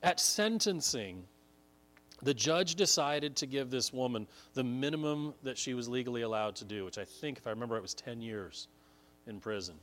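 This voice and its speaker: A man's voice: mid-range voice, moderate pace, fairly bright tone. A man preaching a sermon, telling a story earnestly and building to emphatic points. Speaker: pastor.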